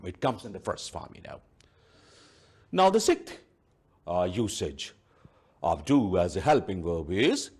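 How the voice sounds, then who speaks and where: A male teacher, giving a deliberate televised grammar lesson and saying "you know" often. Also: lowish voice, slightly rough. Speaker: English teacher. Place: TV studio.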